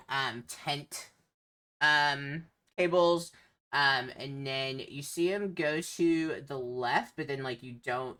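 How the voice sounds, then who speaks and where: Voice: mid-range voice, pushed and bright, smooth. A game master narrating a tabletop game, hesitant and full of filler sounds.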